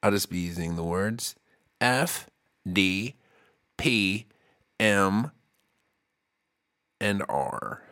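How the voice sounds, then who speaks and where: A man's voice: low-pitched, lively intonation, extremely slow, pauses often, bright, forceful tone, no room sound, clean studio sound. A man hosting a podcast, rambling through a comedic monologue full of goofy asides and jokey tangents, now and then slipping into an exaggerated country drawl. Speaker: podcast host.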